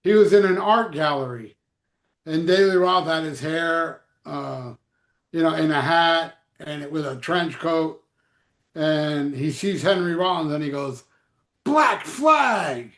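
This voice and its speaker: A man with a fairly high voice chats casually as a show host. He tells animated stories and swears freely. The sound is roomy and echoey. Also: a little slow. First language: Spanish. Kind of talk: casual chat.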